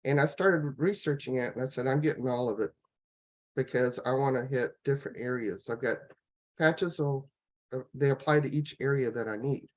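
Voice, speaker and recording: A woman on a laptop video call, telling her personal health story in a rambling, halting way, full of fillers and restarts. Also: very deep voice, darkish tone. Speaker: guest sharing a health testimonial. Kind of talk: casual personal testimony.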